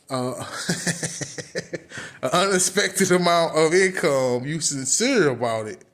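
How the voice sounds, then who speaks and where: A man gives a casual motivational talk, earnest and repetitive, restarting phrases as he goes. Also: fairly high pitch. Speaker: motivational speaker.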